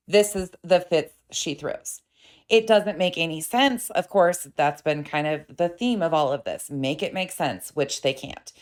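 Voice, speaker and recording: A woman hosting a reaction commentary, exasperated and sarcastic as she picks apart claims. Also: medium pitch. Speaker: commentary channel host.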